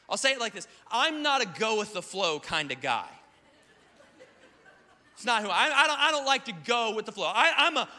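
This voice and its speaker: A man in his thirties from South Carolina, preaching a sermon as a lively storyteller who acts out the quotes. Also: very high voice. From South Carolina, USA. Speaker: pastor. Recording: church hall reverb.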